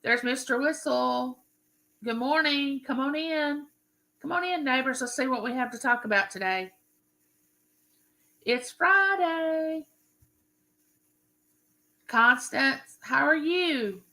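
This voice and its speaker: Older woman, live-stream host, bright, rambling and chatty. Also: sits high, measured pace, gravelly, rough recording. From Mississippi. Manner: friendly, greets viewers by name, rambling.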